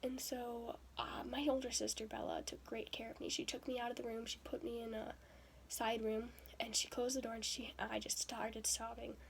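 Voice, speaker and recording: A young woman vlogger telling a personal story in a lively way, acting out quotes with breathy asides. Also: on the high side, moderate pace. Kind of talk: storytelling vlog. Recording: faint background noise.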